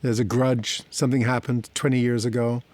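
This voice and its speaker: A man's voice: medium pitch, flat delivery, fairly quick, darkish tone, no echo. Man, middle-aged, reflective, conversational, teaching to camera. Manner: reflective, conversational, tells personal stories. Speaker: therapy teacher. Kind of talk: explanatory talk to camera.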